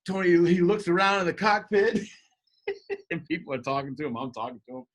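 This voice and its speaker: A middle-aged man telling a story as a podcast guest, animated and jokey, acting out quotes in shifting voices. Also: high-pitched, a little fast. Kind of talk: casual storytelling.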